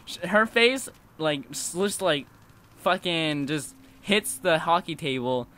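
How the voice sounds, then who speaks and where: A man's voice: on the high side, animated, takes it slowly, bright, forceful tone. A teenage boy telling a story casually, swearing and laughing as he goes.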